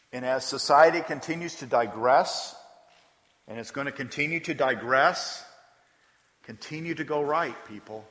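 A man's voice: mid-range voice, fairly bright tone, big-room sound. A man preaching a sermon as pastor, speaking conversationally and with emphasis, often putting questions to the congregation.

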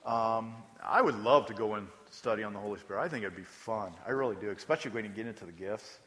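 A man's voice: on the low side, fast, fairly bright tone, big-room sound. A man preaching a sermon as pastor, speaking conversationally and with emphasis, often putting questions to the congregation.

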